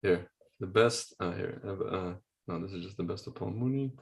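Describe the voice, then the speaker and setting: A man's voice: deep voice, normal speed, gravelly. Rambling man chatting on a podcast. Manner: rambling, full of slang and restarts. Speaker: podcast co-host. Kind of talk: casual chat.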